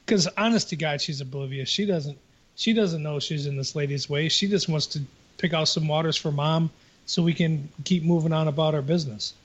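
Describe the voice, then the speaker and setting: A blunt man tells stories on a casual podcast and swears freely as he goes. His voice sits a bit high. The recording sounds dull and lo-fi. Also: a little fast. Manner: blunt, profane storytelling. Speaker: podcast co-host. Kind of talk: casual chat.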